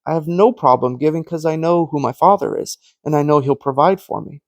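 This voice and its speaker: A man's voice: on the high side, a little fast, no room sound. A man giving an informal, earnest preaching monologue, telling stories and acting out the conversations he quotes. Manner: storytelling that acts out quoted conversations. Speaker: Christian teacher.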